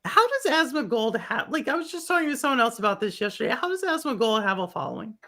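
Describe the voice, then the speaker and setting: A woman's voice: high voice, sing-song, fast talker, pushed and bright. A woman from Houston with a light Texan twang, hosting a podcast in blunt, questioning casual chat. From Houston, Texas. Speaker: podcast host.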